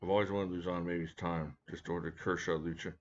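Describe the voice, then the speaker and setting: A low-voiced man with a drawl chats loosely on a home live stream, greeting viewers by name and cracking jokes. The audio is a bit dull and lo-fi. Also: flat delivery, brisk. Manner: chatty, joking, talks to viewers by name. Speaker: live stream host reviewing knives. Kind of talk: casual live chat reading viewer comments. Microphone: desk mic at a home setup.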